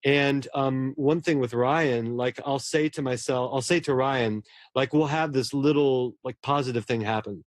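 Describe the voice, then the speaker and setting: A man's voice: mid-range voice, unhurried, no room sound, studio quality. A man, a horror novelist, talking earnestly and at length in a casual interview, often restarting his words.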